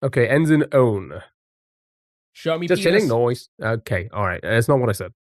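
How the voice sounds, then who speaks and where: A man's voice: mid-range voice, expressive, normal speed, no echo. Chatty male streamer, dry close sound. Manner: greets chatters by name, chatty and playful. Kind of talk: casual live-stream chat while playing a word game.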